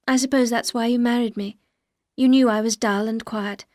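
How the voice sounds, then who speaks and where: A woman's voice: on the high side, steady tone, normal speed, no room sound, studio quality, close to an everyday voice. A woman voicing a shy, anxious young bride who speaks in an earnest, pleading way. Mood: timid. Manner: earnest, pleading, raised and bright.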